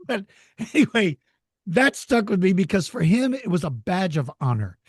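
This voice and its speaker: A joyous, animated man spins stories for an interviewer, his voice sitting a little high for a man. The sound is dry and close, with no room around it, and he slips into excited kid voices as he tells them. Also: normal speed, breathy edge, no room sound. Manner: animated storyteller, laughs easily, voices excited kids. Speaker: interview guest, dinosaur educator. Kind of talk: storytelling in a casual interview.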